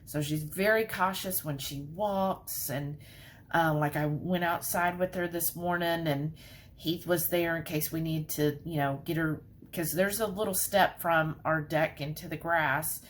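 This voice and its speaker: A woman's voice: deep voice, steady tone, unhurried, slight background noise. A woman talking casually to her viewers in a vlog, full of fillers and y'alls. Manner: chatty, lots of fillers, says y'all. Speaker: vlogger.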